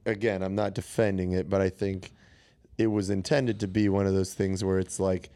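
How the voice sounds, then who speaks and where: Male podcast co-host, lower register, even-tempered and reasonable. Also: moderate pace. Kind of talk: casual movie chat.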